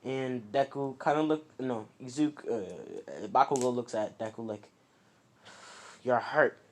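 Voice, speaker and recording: A man's voice: medium pitch, lively intonation, normal speed, a little mellow. A young man casually narrating an improvised fan story, rambling with many restarts and self-corrections.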